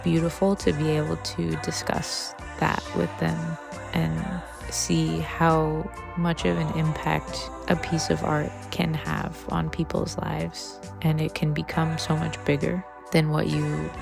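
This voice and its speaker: A woman's voice: sits low, level tone, unhurried, creaky, music in the background. A woman director giving a casual, rambling spoken introduction to a podcast about her film, grateful and full of fillers.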